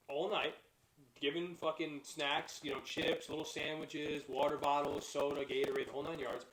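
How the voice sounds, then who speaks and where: A young man, telling stories in a profane, excitable casual chat. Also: a little high, very noisy. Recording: echoey room.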